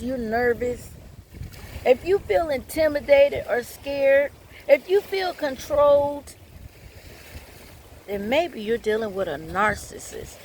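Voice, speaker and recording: A woman's voice: high voice, darkish tone, slight background noise. A woman vlogger telling her own story and giving advice to viewers. She talks bluntly and candidly, swears freely, and keeps turning to her audience.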